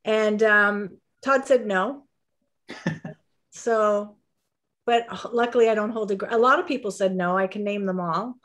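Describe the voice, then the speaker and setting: Female guest, lively chatty copywriter, quick asides. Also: medium pitch. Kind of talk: casual interview.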